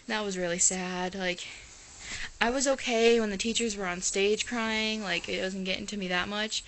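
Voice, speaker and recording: An exchange student from Ohio, USA, still in her teens, chats to her camera casually and rambles, leaning on "like" and restarting often. Her mid-range voice is steady, a bit bright and at normal speed, on a rough recording with slight background noise.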